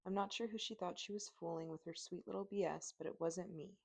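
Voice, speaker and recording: A woman narrating a first-person audiobook in steady, emotive storytelling on a close mic. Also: fairly low pitch, fairly quick, vocal fry.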